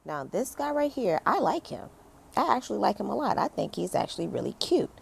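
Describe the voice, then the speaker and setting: A woman's voice: medium pitch, very animated, a little fast, gravelly, a little mellow, slightly rough. A woman in her thirties giving a casual opinion rant as a vlogger, chatty and emphatic, full of fillers. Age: 30s. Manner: conversational, lots of fillers, emphatic complaints. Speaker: commentary vlogger.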